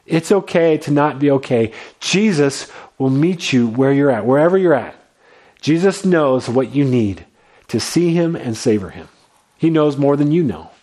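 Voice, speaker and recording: A man preaching a sermon as a pastor, earnest, often repeating his words and moving between lively and quiet passages. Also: on the high side.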